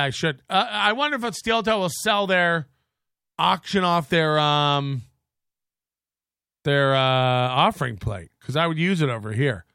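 A man's voice: on the high side, bright, forceful tone, no echo, clean studio sound. A man hosting a livestream, rambling casually with a sarcastic, blunt manner. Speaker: host.

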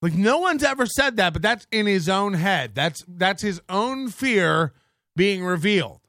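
Man, podcast host, mocking rant, lively swooping pitch, dry close sound. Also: measured pace, dry recording. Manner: mocking, laughs often, excitable rants. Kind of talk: ranting commentary.

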